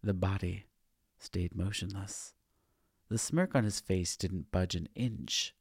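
A man narrating a first-person story in a measured, even reading. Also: low voice, gravelly, breathy edge, dry recording, clean studio sound.

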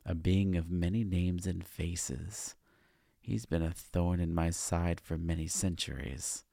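A man voicing an ancient, menacing male seer who speaks in a slow, hissing, ominous way. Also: low-pitched, level tone, gravelly, mellow, dry recording, clean studio sound, exaggerated voice.

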